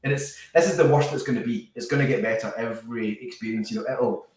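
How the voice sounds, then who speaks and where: A man, a business founder talking casually as a podcast guest, chatty and quick to laugh. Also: mid-range voice, a little mellow. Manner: chatty, laughs easily, trips over words. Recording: echoey room, far from the mic.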